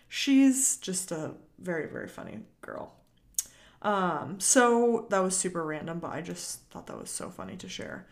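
A young woman with a slightly low voice hosts her own podcast solo. She talks in a loose, chatty way, full of fillers, with the odd casual swear word thrown in. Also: lively intonation, normal speed. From Massachusetts. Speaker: podcast host.

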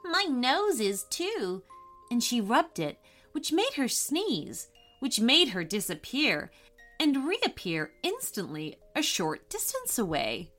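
A woman narrating a scripted children's story in a gentle, expressive way. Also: a little high, faint music behind. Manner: gentle, slow and expressive reading.

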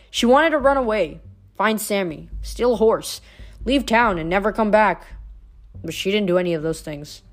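A woman reading a novel aloud, telling the story steadily with small slips and corrections. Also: medium pitch. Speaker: audiobook reader.

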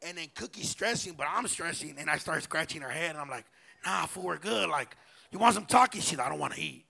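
Brief: young man, bright and high-pitched, profane rambling storyteller at a live show. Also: lively intonation, fast talker, vocal fry, husky. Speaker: podcast co-host. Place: live pop-up show venue.

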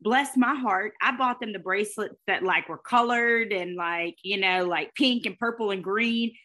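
A middle-aged woman, a guest telling her story in an expressive, fast way. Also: medium pitch. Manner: fast, expressive, with faith talk and laughter. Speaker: guest, speaker and former sportscaster. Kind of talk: animated storytelling interview.

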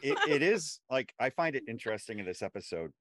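A man's voice: medium pitch, fast, no echo, studio quality. A man co-hosting a casual TV discussion podcast, building his points with frequent restarts. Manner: animated, restarts often while building a point. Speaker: podcast co-host.

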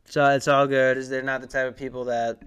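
A man's voice: medium pitch, level tone, fairly quick, fairly bright tone, clear, resonant tone. Profane, rambling young man podcasting. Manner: profane, self-deprecating, rambling. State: tired from little sleep. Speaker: podcast host. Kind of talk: casual rambling monologue.

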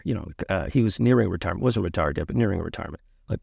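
Middle-aged guy on a podcast, deep gravelly husky voice, talks it through slow and thoughtful, dry sound. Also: darkish tone, no echo. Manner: thoughtful, storytelling, measured. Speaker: urologist guest. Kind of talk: conversational interview.

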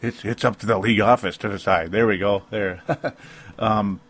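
A man's voice: fairly low pitch, fairly even intonation, normal speed, a bit bright, slightly rough. Rambling man venting about football. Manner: rambling, self-interrupting, frequent rueful laughs. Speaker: sports commentator. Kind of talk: solo sports opinion podcast.

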